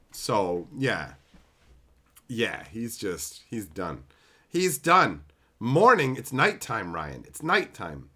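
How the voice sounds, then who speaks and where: Bright, profane male livestream host. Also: on the low side, slow pace, breathy edge. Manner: profane, animated, mocking. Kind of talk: casual ranting chat.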